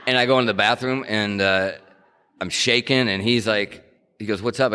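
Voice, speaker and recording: A man's voice: lowish voice, fairly even intonation, moderate pace, sharp tone, clear, resonant tone. A man telling his own recovery story in a candid, wry, self-mocking way, like a speaker at a meeting. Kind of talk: casual storytelling talk. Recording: hall reverb.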